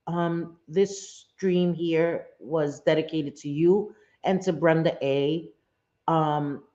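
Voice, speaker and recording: This livestream host chats casually with her audience, frequently saying "um" and repeating phrases as she addresses them directly. Her voice is deep and mellow, and the recording sounds muffled.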